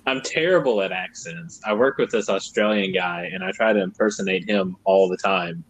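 A man's voice: low-pitched, normal speed, breathy edge, rough recording. A man in a casual comedic chat who laughs often and keeps the banter going as a podcast co-host.

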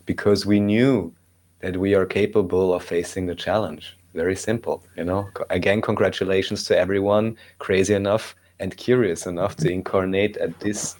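Low flat-voiced calm man. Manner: calm, measured, reassuring. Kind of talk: casual conversation.

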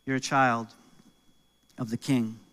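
A man's voice: mid-range voice, level tone, slow, a bit bright. A middle-aged man from New York with an American accent, preaching a sermon as pastor in a conversational, joking way with rising emphasis.

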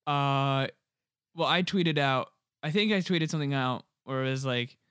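A young man chatting casually about a movie, animated and joking, swearing freely. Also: medium pitch, smooth, dry recording, clean studio sound. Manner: animated, swears freely, quick jokey asides.

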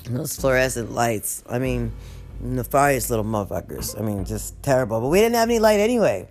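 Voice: mid-range voice, lively intonation, fairly quick, darkish tone, faint music behind. A vlogger venting through a rambling storytime, swearing constantly and laughing through the telling.

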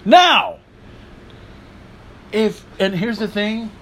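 A man's voice: a little high, lively intonation, moderate pace. A man hosting a podcast, delivering a solo wrestling commentary rant in a profane, emphatic way. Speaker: podcast host.

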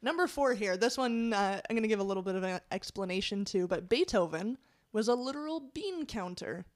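A woman's voice: medium pitch, animated, brisk. A woman hosting a laid-back podcast, reading through a countdown list. She talks in a loose, chatty way, with plenty of fillers and the odd swear word. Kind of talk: casual podcast chat.

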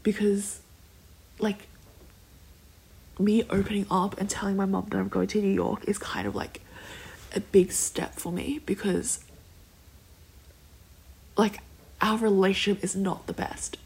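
A young woman telling a long personal story in a casual, rambling way, full of "like" fillers and slipping into soft whispers. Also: medium pitch, lively intonation, a little slow, creaky, long pauses, husky.

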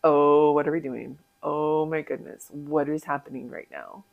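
A woman voicing a group of brothers hurrying to leave, in a hushed urgent whisper. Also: sits low, fairly even intonation, moderate pace, gravelly, narrow, tinny audio, voice pushed down. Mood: alarmed. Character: hurried whispering brothers sneaking off.

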